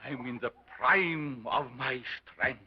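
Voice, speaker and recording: An actor playing a sinister carnival scientist with a strange foreign accent, declaiming grandly in a 1930s film. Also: male voice, mid-range voice, slow, slight background noise, lightly acted. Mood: grandiose. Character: sinister showman scientist, older man, theatrical. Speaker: carnival lecturer. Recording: dull lo-fi 1930s film sound.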